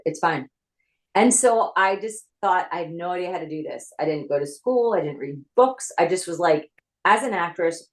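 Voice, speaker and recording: A woman with a slightly low voice, chatting in an animated, storytelling way. She is in her home office on a video call. She sounds like a writer and former actress talking about her career in an interview. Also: poor audio. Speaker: actress and screenwriter.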